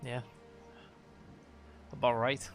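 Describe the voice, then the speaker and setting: A man casually chatting as he plays a game on a live stream, relaxed and full of little hedges and fillers. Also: medium pitch, drawn-out words. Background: game music.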